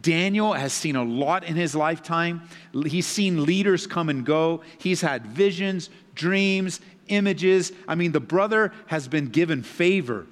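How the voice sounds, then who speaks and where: A man preaching a sermon, swinging between loud emphatic passages and hushed, low scripture reading. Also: animated, measured pace. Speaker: pastor. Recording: long reverb of a large hall.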